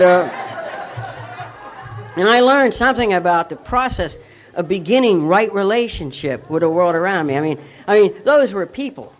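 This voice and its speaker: A man's voice: sits high, animated, normal speed, soft background music, a faint crowd. A man sharing a personal recovery story with a candid, self-mocking manner. He rambles, using many fillers and restarts.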